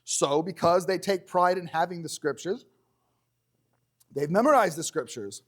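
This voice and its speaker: A man preaching a conversational sermon in a church, animated and joking, slowing down when he reads scripture. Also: high voice.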